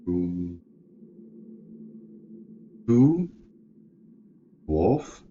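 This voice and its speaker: A man's voice: low-pitched, big pitch swings, extremely slow, dark tone, muffled recording, a little hiss or hum. A man narrating a solo tabletop game, thinking aloud and often correcting himself.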